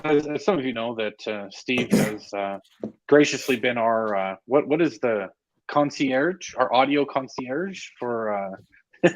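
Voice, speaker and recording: A man speaking as a podcast guest from a hotel room, talking casually with frequent hesitant filler pauses. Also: mid-range voice, expressive, slight background noise, poor audio.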